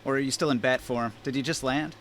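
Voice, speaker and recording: A man's voice: medium pitch, fairly even intonation, quick pace, a bit bright, slight background noise. A man running a tabletop game over voice chat, narrating in an easygoing, joking way. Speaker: game master.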